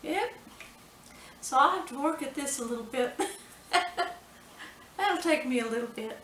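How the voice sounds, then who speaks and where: A woman with a drawl walks viewers through a home baking lesson, chatty and in no hurry. Her fairly high voice rings off the bare walls of a home kitchen. The mic sits a few steps away, with faint clatter of dishes behind her. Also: animated, a bit bright, distant mic, a little hiss or hum. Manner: chatty, unhurried, says "y'all". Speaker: home cooking show host. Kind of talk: casual cooking tutorial. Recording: echoey kitchen, mic set back.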